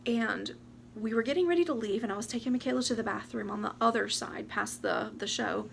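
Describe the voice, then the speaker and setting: A woman, talking to camera about her year. She rambles, talks fast and fights back tears. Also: medium pitch, gravelly, slight background noise. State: teary, close to crying. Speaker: vlogger. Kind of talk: casual chat to camera. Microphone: camera or phone mic.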